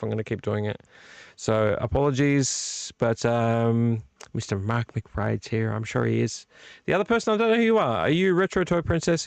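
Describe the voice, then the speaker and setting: A man's voice: mid-range voice, gravelly, no room sound. A man hosting a live vlog, chatting casually and enthusiastically, rambling, swearing freely and talking straight to his viewers. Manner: enthusiastic, talks to the chat directly. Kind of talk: casual live-stream chat.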